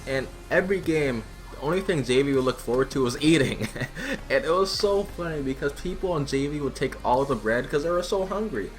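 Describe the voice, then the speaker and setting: A teenage gaming host telling a school story over gameplay in a chatty, profane, laughing way. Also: male voice, a little high, lively intonation, fairly quick. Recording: music playing behind the voice. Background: background music.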